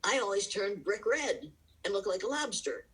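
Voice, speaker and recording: A woman speaks as an interview guest over a video call. Her voice is heavily husky and raspy, and her tone is emphatic and lecturing. She drives home each point with rhetorical questions and laughs between them. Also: medium pitch, big pitch swings, moderate pace, fairly bright tone, poor audio. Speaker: interview guest, diversity educator. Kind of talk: impassioned lecturing interview answers.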